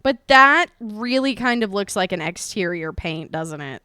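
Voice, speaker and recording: A woman's voice: mid-range voice, expressive, unhurried, pushed and bright, clear, resonant tone, no room sound, clean studio sound. A woman live streamer chatting casually with her viewers, playful and profane.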